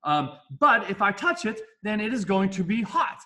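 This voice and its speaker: A man's voice: high-pitched, big pitch swings, moderate pace, bright, forceful tone. A male science teacher giving a casual, jokey classroom lecture with asides.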